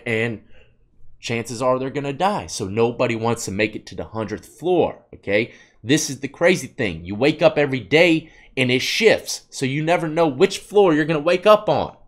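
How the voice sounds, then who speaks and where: A man hosting a reaction vlog, talking about prison life in a laid-back, slangy way. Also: mid-range voice. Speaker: host reacting to clips, formerly incarcerated. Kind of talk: casual reaction commentary.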